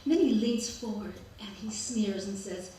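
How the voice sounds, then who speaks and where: A woman's voice: medium pitch, moderate pace. Woman storyteller, wry live delivery, distant mic, heavy room echo and background noise. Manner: wry, self-mocking, lively quoted asides. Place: art gallery event space.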